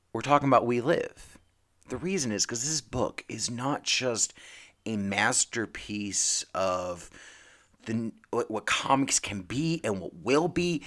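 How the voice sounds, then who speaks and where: Man, podcast host, casual chat, lively swooping pitch, rambling, emphatic, stumbles and restarts.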